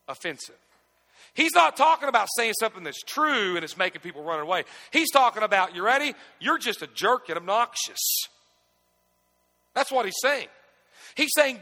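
A man's voice: sits high, in a large hall. A man preaching a sermon in a church, calling on the congregation to answer back. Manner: animated, calls for congregation responses. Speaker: pastor. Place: church sanctuary.

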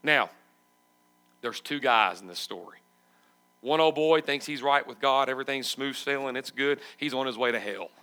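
A man's voice: medium pitch, moderate pace, pushed and bright. A male pastor preaching a sermon emphatically and asking his congregation questions.

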